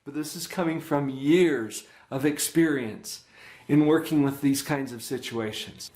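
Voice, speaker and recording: A man's voice: a little high, moderate pace, a little mellow. A middle-aged man giving a parenting workshop lecture, earnest and teacherly, often checking that his listeners follow. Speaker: workshop presenter, psychologist. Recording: echoey room.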